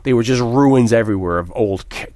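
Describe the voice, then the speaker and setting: A man's voice: medium pitch, a little fast, mellow, no echo. A man co-hosting a casual movie chat, rambling and profane, with many restarts. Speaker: podcast co-host.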